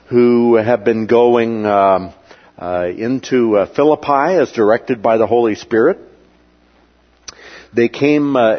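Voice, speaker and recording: A man teaching a Bible lesson over slides, pausing often and filling the gaps with filler sounds. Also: medium pitch, dull audio. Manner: halting, many filler sounds between phrases.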